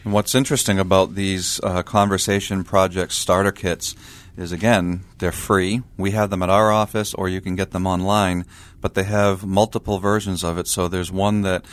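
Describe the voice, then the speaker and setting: A young man co-hosting a radio talk show, speaking in a measured way with frequent pauses and fillers. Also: deep voice, level tone. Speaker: radio co-host.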